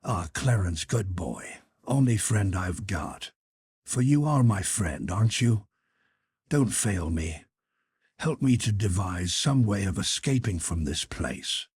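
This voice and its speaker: A man's voice: low voice, expressive, slow pace, darkish tone, husky, no echo, clean studio sound, heavily acted. A man playing a blustering, scoffing Yankee. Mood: coaxing. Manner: blustering, mocking.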